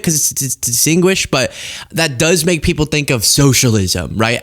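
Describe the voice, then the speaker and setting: A man hosting a political commentary show, talking in an animated, exasperated, rambling way. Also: medium pitch.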